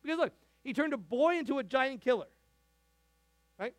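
Male pastor, high voice, dry close sound, chatty sermon full of asides. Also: moderate pace, dry recording. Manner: animated, conversational, frequent asides and restarts. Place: church sanctuary.

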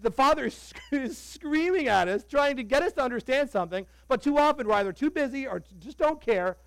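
Man, pastor, sermon, high voice, conversational, joking, dry close sound. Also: fairly quick, clear, resonant tone, dry recording, low-quality recording. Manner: animated, conversational, joking with the congregation.

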